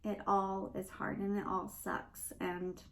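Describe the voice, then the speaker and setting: Young woman podcast host, earnest and emotional, gravelly fry, faint background hiss. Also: medium pitch, flat delivery, slow, low-quality recording. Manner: emotional, earnest, rambling with many "like"s. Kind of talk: personal podcast monologue.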